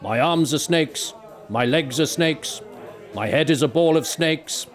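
A man playing a formal male demon of infinite darkness, made of snakes, who talks in a stiff, deadpan way. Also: on the high side, a little slow, soft background music, lightly acted.

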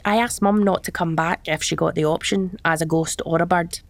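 A young woman delivering scripted comedy with sardonic, deadpan asides. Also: fairly low pitch, brisk, dry recording. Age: young adult.

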